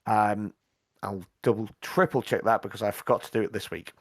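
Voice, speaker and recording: A man narrating as game master, hesitant and full of pauses. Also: on the low side, no echo. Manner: hesitant, full of ums and restarts.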